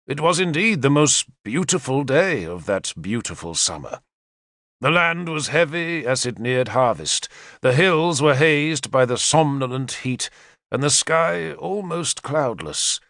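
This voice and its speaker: A man reading a historical novel aloud as narrator, in a measured first-person storytelling manner. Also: medium pitch, dry recording, clean studio sound. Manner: measured storytelling with lively intonation. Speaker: audiobook narrator.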